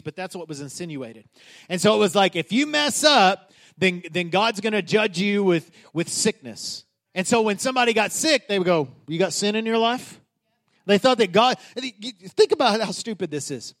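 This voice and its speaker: Pastor guy in his 30s preaching, high voice, casual and emphatic, keeps restarting sentences. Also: fairly bright tone. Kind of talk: sermon.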